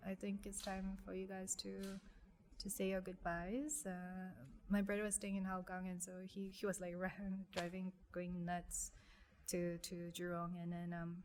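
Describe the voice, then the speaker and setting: Soft-spoken woman, halting. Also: medium pitch, a little hiss or hum. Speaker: guest. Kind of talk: personal story in an interview.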